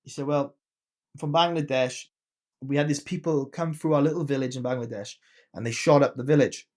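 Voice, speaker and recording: A man's voice: medium pitch, normal speed, darkish tone. A man in his thirties, a podcast guest and coach, casually telling a personal story and acting out the quoted dialogue.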